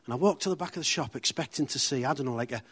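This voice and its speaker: A man with a Teesside accent speaking to a church group. He talks in a chatty, self-deprecating way and mixes funny stories into his sermon. His voice sits in an ordinary middle pitch. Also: rapid-fire, fairly bright tone, breathy edge. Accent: Teesside English. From Middlesbrough, England. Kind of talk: informal sermon with humorous anecdotes.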